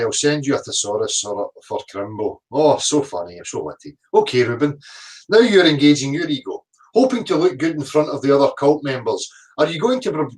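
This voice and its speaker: A man's voice: on the high side, far from the mic. A middle-aged man, reading out online comments and answering them with sarcasm, swearing and combative rants. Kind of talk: reading comments aloud and ranting.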